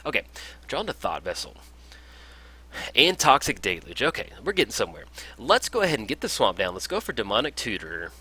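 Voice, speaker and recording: A man's voice: medium pitch, wildly swooping pitch, a little fast, pushed and bright, slightly rough. A man casually commentating his own card game match in an upbeat, chatty way, with frequent fillers. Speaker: gameplay commentator.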